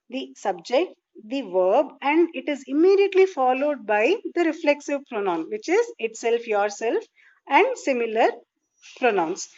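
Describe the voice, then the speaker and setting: A woman teacher walks her class through a grammar lesson with a high voice. She asks questions and then answers them herself, and she leans on each example sentence. The recording is dull and lo-fi. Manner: patient explaining, rhetorical questions, stresses example sentences. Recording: dull lo-fi sound.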